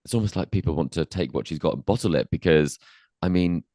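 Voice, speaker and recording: A man's voice: sits low, fast talker, dry recording, studio quality. A man co-hosting a sports podcast, chatting casually and interviewing a guest, with frequent ums and I means. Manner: relaxed, with many ums and I means. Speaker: podcast co-host. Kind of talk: casual tennis chat and interviewing.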